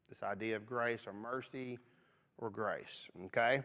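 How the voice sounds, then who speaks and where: A man's voice: medium pitch, fairly even intonation, slow, smooth. West Kentucky man teaching a Bible class. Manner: conversational, frequent "okay?" check-ins. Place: church auditorium. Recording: long reverb of a church auditorium.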